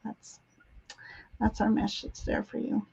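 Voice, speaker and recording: A woman hosting a live tarot reading, speaking gently and affirmingly with frequent pauses and fillers. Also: medium pitch, monotone, creaky, breathy edge, highs cut off. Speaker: tarot reader and live stream host. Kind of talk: intuitive card reading on a live stream.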